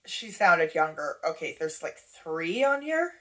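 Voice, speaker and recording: A woman's voice: deep voice, very animated, unhurried, a bit bright. A woman giving candid, casual reaction commentary, chatty and wry. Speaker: commentary YouTuber.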